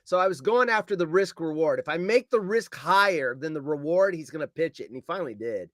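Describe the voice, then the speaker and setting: A man with a fairly high, swooping voice tells his story with lots of energy. He shouts his own quoted lines and swears as he acts them out. The sound is dry and close. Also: lively intonation, fairly quick, no echo. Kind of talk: animated storytelling.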